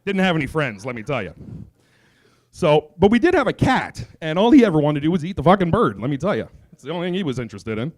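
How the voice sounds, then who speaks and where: A man hosting a comedy night, telling an animated, sarcastic and profane stand-up story. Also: fairly high pitch, quick pace. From raised by Italian parents. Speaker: comedy show host.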